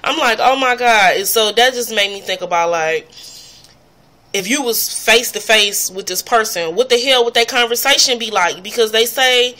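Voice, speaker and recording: A woman's voice: a little high, normal speed, bright, forceful tone. Blunt, profane woman ranting to camera. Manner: blunt, profane, exasperated ranting with mocking impressions. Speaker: vlogger. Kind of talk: casual rant to camera.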